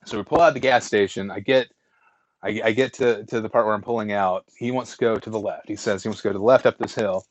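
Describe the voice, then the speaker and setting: A man's voice: on the low side, quick pace, no echo. Rambling male podcast storyteller. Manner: rambling, many restarts and fillers, animated retellings. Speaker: podcast co-host. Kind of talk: casual storytelling.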